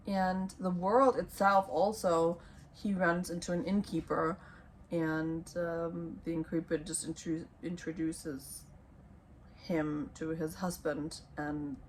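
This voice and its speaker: A young woman giving book recommendations in a casual vlog, rambling and hesitant with many ums and self-corrections, her voice going hoarse. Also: lowish voice, slight background noise. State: losing her voice. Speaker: book vlogger.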